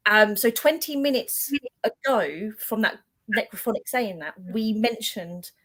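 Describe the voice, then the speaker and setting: Woman telling lively ghost-hunt stories. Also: on the high side, a little slow, poor audio. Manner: lively anecdotal storytelling, acting out dialogue. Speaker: guest paranormal investigator. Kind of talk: casual chat.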